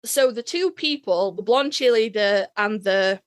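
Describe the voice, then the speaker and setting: A woman's voice: mid-range voice, measured pace. A woman co-hosting a podcast, chatting casually as she retells a TV episode, swearing freely and acting out the characters' lines. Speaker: podcast co-host. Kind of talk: casual chat recapping a TV episode. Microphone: online voice chat.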